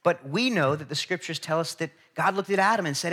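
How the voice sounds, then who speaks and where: A man's voice: fairly high pitch, a little fast. A man preaching a sermon as pastor, talking conversationally with restarts and calling out to the congregation. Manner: animated, conversational, with frequent repetitions and restarts; calls to the congregation for response.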